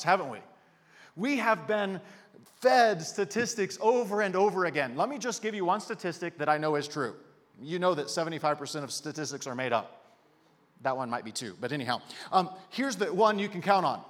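A man in his thirties preaching a sermon in a conversational, joking way with lively emphasis. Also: a little high. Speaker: pastor. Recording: echoey hall reverb.

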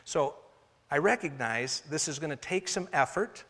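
A man delivers a sermon with earnest conviction, his fairly high voice swelling to loud emphasis and then sinking to quiet, drawn-out phrases. A long reverb of a large hall trails behind him. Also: expressive, slightly rough. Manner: earnest, rising to loud emphasis and dropping to soft, slow phrases. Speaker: pastor.

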